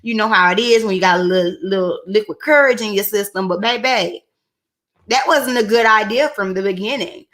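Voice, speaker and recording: Woman, bright voice, casual sassy recap, candid. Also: mid-range voice, fairly quick. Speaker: reality TV reviewer.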